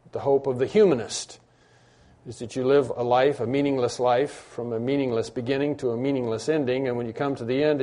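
With a warm, medium-pitched voice, this pastor delivers a sermon to a congregation gathered in a church room. He is emphatic and keeps repeating his key phrases while performing imagined conversations.

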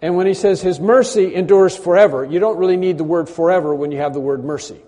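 A man preaching a conversational sermon, often clearing his throat and repeating words. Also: high-pitched, fast talker, warm tone. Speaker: pastor. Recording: long hall reverb.

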